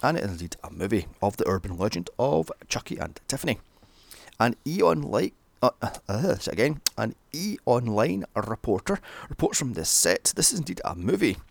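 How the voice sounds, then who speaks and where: A British man narrating a sweary, comedic movie recap, his voice swooping wildly up and down with a gravelly rasp at the bottom. He wanders into sarcastic asides, and the sound is dry and close. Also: mid-range voice, big pitch swings, fairly quick, dry recording. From Britain. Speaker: film reviewer.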